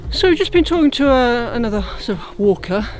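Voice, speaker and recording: A woman with a fairly high, animated voice chats playfully about the route while out walking. Clear music plays beneath her. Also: a little fast. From England. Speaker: walking companion. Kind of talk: casual chat on a walk. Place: outdoors on moorland hills. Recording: music playing underneath.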